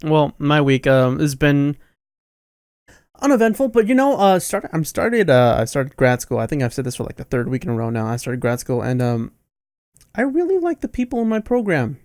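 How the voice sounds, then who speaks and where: A man's voice: a little high, huge pitch swings, moderate pace, darkish tone, smooth, no room sound, studio quality. A young man in his twenties hosting a casual podcast chat, upbeat and chatty. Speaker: podcast host.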